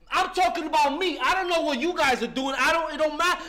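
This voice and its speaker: A man's voice: very high-pitched, animated, fast, hardly any pauses, pushed and bright. A man in his fifties giving a fervent, profane share at a recovery meeting, talking street-style and breaking in with "listen" again and again. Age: 50s.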